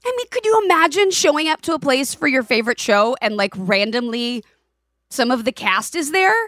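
A woman's voice: high voice, brisk, dry recording. Woman, forties, podcast co-host, casual storytelling, close dry sound. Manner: animated storyteller, acts out voices in anecdotes. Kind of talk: casual chat.

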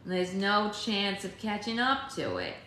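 A woman's voice: mid-range voice, wildly swooping pitch, a little slow, pushed and bright, reverberant, slight background noise, full character voice. A woman putting on a wry, worldly old woman. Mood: wistful.

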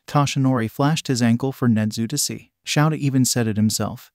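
A man reading a story aloud as narrator, in an even, flat manner. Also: medium pitch, fairly quick, few pauses, no echo, studio quality. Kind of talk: synthetic-sounding storytelling narration.

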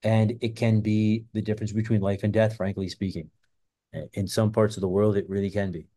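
Brief: easygoing male host, loose and profane, a warm, relaxed voice. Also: fairly low pitch, fairly quick. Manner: rambling, profane, filler-heavy. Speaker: self-defense channel host. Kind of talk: casual monologue.

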